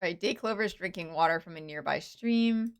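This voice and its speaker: A woman streaming a game, chatting casually and rambling with many fillers and restarts, with excited bursts and soft, muttered asides. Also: on the low side, brisk. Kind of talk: casual live-stream chatter while playing.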